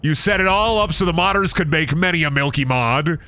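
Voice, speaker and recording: A man's voice: a little high, animated, a little fast, bright, forceful tone. A man streaming a game, riffing jokingly to his chat with plenty of swearing. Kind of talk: casual gameplay commentary.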